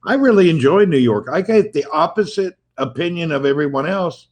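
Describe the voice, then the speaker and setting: A man's voice: on the high side, expressive, a little fast. A man hosting a livestream, chatting in an easygoing, wry way. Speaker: livestream host. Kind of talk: casual chat.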